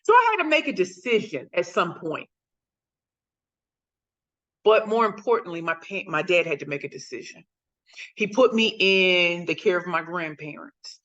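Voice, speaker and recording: A St. Louis woman in her forties shares her life story as a guest speaker on a video call, a motivational talk full of emphasis and phrases repeated for effect. Her lowish voice has a sing-song lilt and a fairly bright tone, moving at a moderate pace with long pauses. The highs are cut off.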